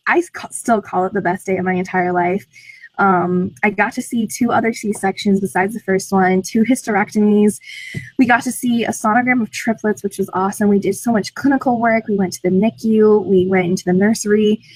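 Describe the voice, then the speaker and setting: A woman's voice: medium pitch, brisk, dry recording, poor audio. A teenage girl eagerly recounting her experiences in an interview, using lots of "like" fillers. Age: teens. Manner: enthusiastic, frequent "like" fillers. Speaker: program alumna. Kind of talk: interview answers.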